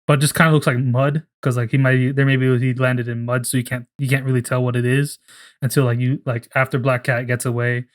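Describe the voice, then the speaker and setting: A man in casual podcast chat who rambles and swears freely. He keeps restarting his sentences as he pitches ideas, and his voice sits in a middle pitch. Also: level tone, fairly quick. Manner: rambling, profane, full of restarts. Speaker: podcast co-host.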